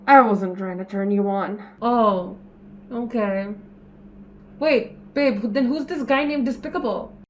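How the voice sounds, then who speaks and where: A woman's voice: medium pitch, slow pace, highs cut off, slight background noise. A young woman reading an online post aloud and reacting to it in a chatty, giggly way, often breaking off to comment. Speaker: story reader and commentator.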